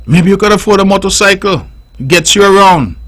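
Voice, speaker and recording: A man's voice: sits high, a little fast, fairly bright tone, poor audio. A middle-aged man with a Nevisian accent, hosting radio call-in commentary in an emphatic, repetitive, preaching way on a studio microphone. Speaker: radio talk show host.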